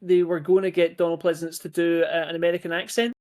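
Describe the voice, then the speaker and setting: A man's voice: fairly high pitch, little pitch movement, fast, a little mellow. A man hosting a podcast over a video call, rambling casually through film trivia and swearing freely. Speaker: podcast host. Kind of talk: casual chat.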